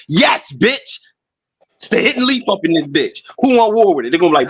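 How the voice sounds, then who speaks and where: A man co-hosting a podcast, going on loud, profane, joking rants. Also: high-pitched, sing-song, quick pace, husky. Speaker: podcast co-host. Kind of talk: casual comedic chat.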